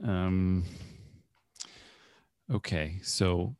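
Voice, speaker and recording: A man's voice: deep voice, drawn-out words, darkish tone, no room sound, clean studio sound. A man co-hosting a podcast, reviewing a movie in casual chat with wry storytelling and frequent laughs. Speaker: podcast co-host.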